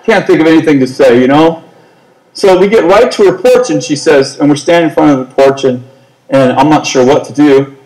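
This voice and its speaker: A male preacher telling a story in an animated, self-mocking comic way during a sermon. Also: on the high side, a little fast, reverberant, low-quality recording.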